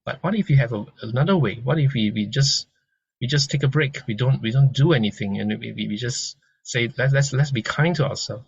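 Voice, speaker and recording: A man giving a gentle, conversational dharma lesson, explaining ideas through a story and often restarting his sentences. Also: mid-range voice, brisk, creaky, husky, no room sound, highs cut off. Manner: gentle and conversational, many restarts and soft laughs. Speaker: dharma teacher. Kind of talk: informal lecture with analogies.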